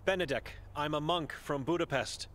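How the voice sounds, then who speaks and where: A man's voice: on the high side, normal speed, a bit bright, slight background noise, close to an everyday voice. A man playing an anxious monk from Hungary. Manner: polite, anxious questioning. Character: earnest young male monk searching for his sister.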